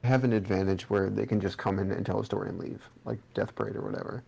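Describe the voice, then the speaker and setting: Gravelly low-voiced young man, casual podcast chat. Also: fairly even intonation, quick pace, crowd noise. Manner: rambling, swears casually, restarts sentences. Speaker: podcast co-host.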